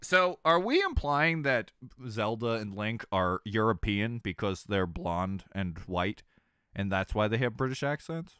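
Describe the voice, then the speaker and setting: Brief: excitable male game streamer, clear smooth voice, lively chatter. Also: fairly low pitch, a little slow, no room sound, studio quality. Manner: excitable, swears, jumps to shouts and chatty tangents. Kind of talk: let's play commentary.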